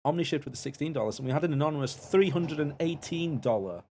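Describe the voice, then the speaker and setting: A man co-hosting a live charity stream, chatting casually and reading out donations. His voice carries a gravelly, fry-laden texture. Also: on the high side, animated, fast, dark tone, slight background noise. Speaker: stream co-host and assistant.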